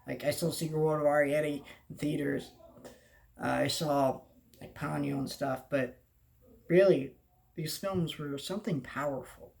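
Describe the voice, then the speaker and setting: A young adult film vlogger in casual talk to camera, rambling and halting, often trailing off and restarting, and earnest and heartfelt. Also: medium pitch, fairly even intonation, gravelly, a little mellow. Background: faint background noise.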